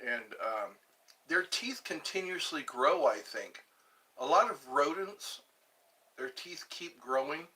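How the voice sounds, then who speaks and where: A man hosting a casual livestream, chatting slowly and rambling while greeting viewers and answering comments as he eats. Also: on the high side, lively intonation, pushed and bright. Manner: slow, rambling, chatty, restarts words, eating while talking. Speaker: livestream host. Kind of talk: casual live chat reading comments.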